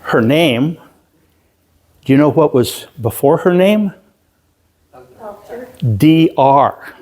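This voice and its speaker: Male pastor, sermon storyteller; slightly high voice, slow halting delivery with self-deprecating humor. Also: sing-song, darkish tone. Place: church sanctuary.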